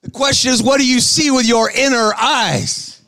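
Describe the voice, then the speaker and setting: A man preaching a sermon to a live crowd, shouting to rouse the audience and calling for responses. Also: extremely high pitch, steady tone, vocal fry. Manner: bursts of quick patter between slow, stressed lines.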